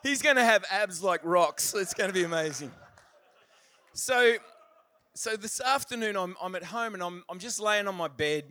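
A man preaching a sermon in a church, telling stories in an animated way and laughing often. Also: high-pitched, moderate pace. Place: church service.

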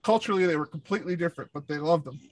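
A man's voice: on the high side, racing, no room sound. A man telling rambling stories in casual chat, full of filler words and swearing. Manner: rambling storyteller, heavy on "like" and swearing. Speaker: former camp counselor telling stories.

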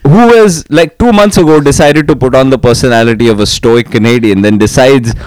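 A man's voice: mid-range voice, a little fast, a little mellow, clean tone, dry recording. A young man in a casual podcast chat, self-mocking and laughing often, swearing freely.

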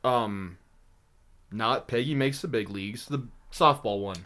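A man's voice: medium pitch, unhurried, sharp tone. A man co-hosting a podcast in casual chat who is losing his voice, often hesitant and wry. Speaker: podcast co-host.

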